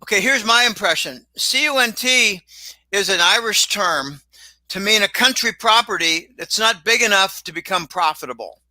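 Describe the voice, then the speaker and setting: Older man, high bright voice, dry close sound; casual rambling storyteller. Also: lively intonation, normal speed, no room sound, rough recording. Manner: rambling storyteller, repeats words. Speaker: regular guest commentator. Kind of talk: casual chat on a livestream.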